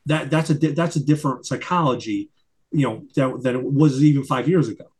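A man's voice: mid-range voice, brisk, darkish tone, breathy edge. A middle-aged man, a guest in an interview, talking emphatically with many stumbling restarts. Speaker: guest, retired investigator and attorney. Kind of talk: conversational interview.

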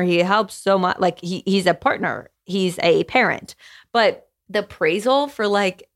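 A young woman hosting her own podcast, chatting candidly and casually, swearing freely and saying "like" a lot, with a gravelly fry in her voice. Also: mid-range voice. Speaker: podcast host. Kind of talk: casual solo podcast chat.

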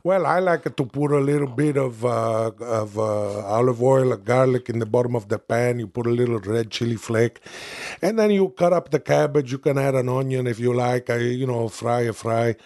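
A man's voice: medium pitch, moderate pace, darkish tone, no echo, studio quality, lightly acted. A man voicing a chatty pet dog cook.

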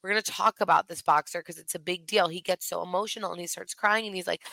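A woman's voice: medium pitch, fairly quick, dry recording, rough recording. Chatty woman podcast co-host, dry sound. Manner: chatty, animated retelling with quoted asides. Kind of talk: casual recap chat.

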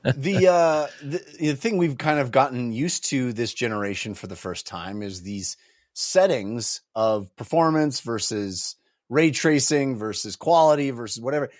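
Animated man in a casual chat. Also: mid-range voice, measured pace, dry recording, clean studio sound. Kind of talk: casual discussion.

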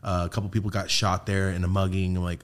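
A man hosting a podcast, telling ghost stories in casual chat, with heavy swearing and animated delivery. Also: low voice, fast. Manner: profane, animated storytelling. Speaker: podcast host.

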